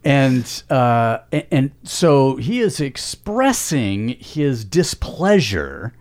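A man's voice: mid-range voice, sing-song, very slow, darkish tone. Hesitant, thoughtful man. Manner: thoughtful, hesitant, many fillers. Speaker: podcast co-host. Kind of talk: casual conversation.

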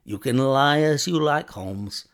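A man voicing a spiteful male villain with a high, snarling voice. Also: takes it slowly.

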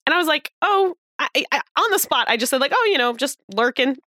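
Animated bright-voiced woman telling stories. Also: sits high, fast talker, no echo, studio quality. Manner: animated storyteller, swears, acts out dialogue. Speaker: podcast co-host. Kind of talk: casual chat.

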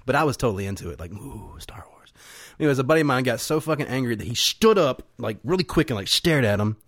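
A man in relaxed conversation who rambles through long anecdotes, laughing along the way and swearing without a second thought. His voice sits at an ordinary middle pitch. It is recorded dry and close, with no room sound around it. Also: rapid-fire, dry recording. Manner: rambling storyteller, laughs often, swears casually. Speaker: podcast co-host. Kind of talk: casual chat.

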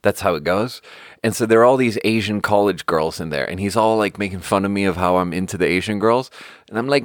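A man's voice: on the low side, animated, a little fast, dry recording, clean studio sound. A young man hosting a podcast, telling a story in a casual, rambling way and saying "like" a lot. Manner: rambling, conversational, heavy use of "like". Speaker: podcast host.

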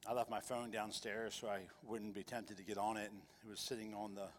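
A man's voice: lowish voice, flat delivery, brisk, in a large hall, slight background noise. A male pastor telling a personal testimony in a sermon, earnest, sometimes repeating his words. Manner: earnest storytelling, repeats himself.

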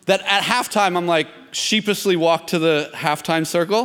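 A man with a high, bright voice preaches to his congregation with lively, self-deprecating storytelling. He acts out the quotes loudly and with energy. His voice rings with the long reverb of a large church hall. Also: moderate pace, hardly any pauses, clear, resonant tone. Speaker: pastor. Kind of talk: sermon with personal storytelling. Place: church sanctuary.

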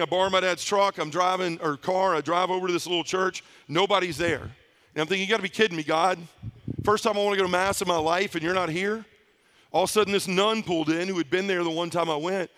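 High-voiced man telling a heartfelt story. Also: fairly bright tone. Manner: heartfelt storytelling in the present tense. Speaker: conference speaker. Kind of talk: personal testimony talk. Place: conference hall stage.

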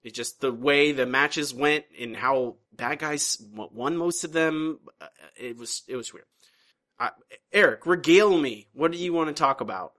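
A man's voice: a little high, moderate pace, sharp tone. A man co-hosting a podcast, rambling through a casual recap and often restarting his sentences. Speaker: podcast co-host. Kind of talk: casual chat.

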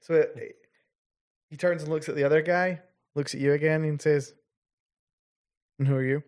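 Halting male game master. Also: fairly high pitch, steady tone, darkish tone. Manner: halting, many restarts and fillers. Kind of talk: narrating a tabletop game.

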